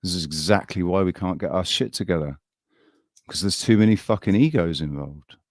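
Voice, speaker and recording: Man, low voice, dry close sound, heated profane rant, live-stream host. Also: darkish tone, dry recording. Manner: heated, profane, halting ranting. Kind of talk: casual live-stream chat.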